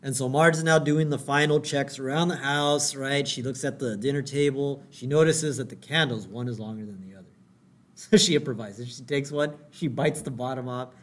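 A man's voice: medium pitch, moderate pace. A man co-hosting a podcast, casually recapping a cartoon episode and often checking in with "right?". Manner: chatty, often asks "right?". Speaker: podcast co-host.

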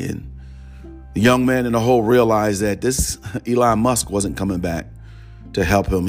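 A man's voice: on the low side, darkish tone. Man telling a sermon story over music. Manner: conversational, repeats "he said" as he tells a story. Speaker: preacher.

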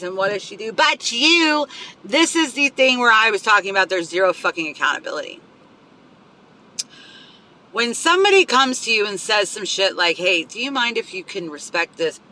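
A man with a high, sharp voice rants in a profane, heated monologue, circling back over the same words. He records from his car, and faint traffic noise hums underneath. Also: rough recording. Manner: profane, heated, repeats himself. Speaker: podcast host. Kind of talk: venting monologue.

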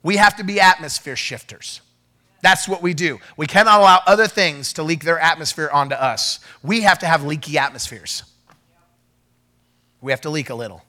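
A male pastor preaches a lively sermon in a high, bright voice. He acts out the people in his stories and swings from hushed, earnest lines to loud, excited ones. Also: moderate pace. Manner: animated preaching, acts out quoted dialogue, rising to shouts.

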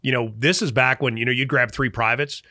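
A man in his forties, a military veteran guest, telling stories casually in an animated, profane way with laughter. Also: mid-range voice, fairly quick, dry recording, studio quality. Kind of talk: casual storytelling.

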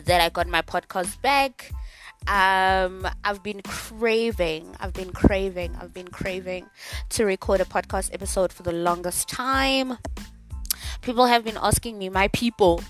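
Young female podcast host, animated and dramatic, casual swearing chat. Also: medium pitch.

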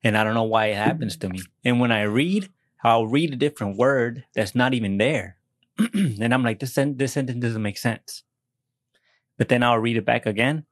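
A man's voice: mid-range voice, a little fast, no room sound, clean studio sound. Rambling, cussing young American man. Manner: rambling, self-deprecating, swears a lot, frequent restarts. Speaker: podcast co-host. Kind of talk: casual podcast chat.

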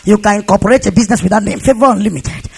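A man's voice: high-pitched, rapid-fire, vocal fry. A man preaching a sermon, repeating phrases and leading the congregation in call-and-response. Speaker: pastor.

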